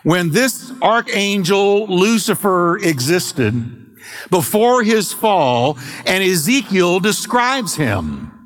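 A middle-aged man pastor preaching an emphatic sermon, slowing and stretching key words for weight. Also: sits high, very animated, in a large hall. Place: church sanctuary.

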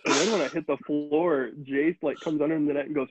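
A man's voice: fairly high pitch, fairly even intonation, brisk, background noise. A man, a former volleyball player, telling stories about himself in a laid-back, self-mocking casual chat. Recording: dry, slightly dull sound.

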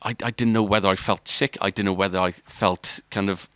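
A man's voice: deep voice, fairly even intonation, brisk, fairly bright tone, dry recording. A man telling a long story on a podcast, rambling and restarting often. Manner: rambling, lots of filler and restarts. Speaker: podcast co-host. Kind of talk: casual storytelling.

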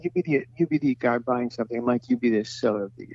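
The voice actor guest, an older man, speaks fast at a medium pitch with hardly any pauses; his tone is a little mellow yet gravelly and husky. Through dull lo-fi sound, he rambles through long interview stories, voicing the people he quotes.

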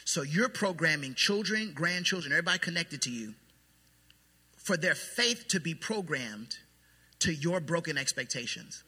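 A man preaching a sermon as pastor, emphatic and then quietly intense. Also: fairly high pitch, lively intonation, normal speed, slightly rough. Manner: emphatic preaching that drops to soft, hushed intensity. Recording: long hall reverb.

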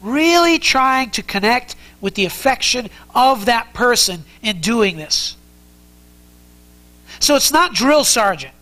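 A man's voice: very high-pitched, animated, takes it slowly, pushed and bright, poor audio. A man preaching an expository sermon as pastor, earnest and conversational as he explains the text. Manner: earnest, conversational teaching with frequent restarts.

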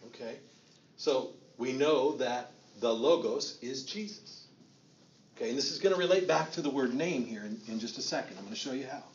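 A middle-aged man preaches a teaching sermon in a conversational tone. He repeats phrases and tosses questions to the room. His voice has a mid pitch, and the recording sounds slightly muffled. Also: normal speed, a little hiss or hum. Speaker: pastor.

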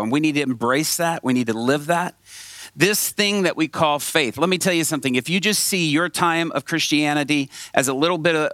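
A man's voice: on the high side, sharp tone, no echo. A man preaching a sermon to a congregation, earnest and storytelling, asking the audience questions.

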